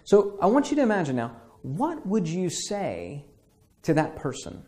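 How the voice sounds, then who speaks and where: A man's voice: sits high, huge pitch swings, normal speed, dark tone. A man teaching a marketing lesson, walking listeners through an imagined phone call and checking in often with a casual "okay?". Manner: conversational, checks in with repeated "okay?" and acts out imagined callers. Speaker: marketing instructor. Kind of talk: guided visualization lesson.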